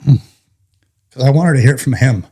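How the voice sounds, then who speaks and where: Appearing as a guest in an interview, a firefighter shares a story in an unhurried, mid-range male voice. He stays animated, laughing at the funny parts and cursing in a relaxed way.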